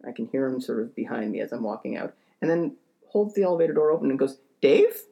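A young man spins a comedic anecdote in casual podcast chat, his mid-range voice gravelly with fry. He rambles and hesitates, stacking fillers and self-deprecating asides as he goes. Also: medium pitch, expressive, fast talker, dark tone, dull audio. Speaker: podcast co-host telling a story.

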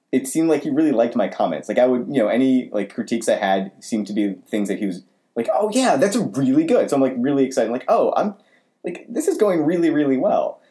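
Animated man telling a story. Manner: animated storytelling with wide pitch swings. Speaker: podcast co-host. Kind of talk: casual chat, personal story.

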